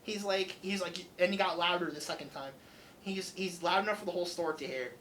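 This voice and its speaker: A man's voice: sits high, brisk, a little hiss or hum, poor audio. A young man hosting student radio, animatedly retelling a story and acting out the dialogue. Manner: animated, acts out customer dialogue. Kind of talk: casual storytelling.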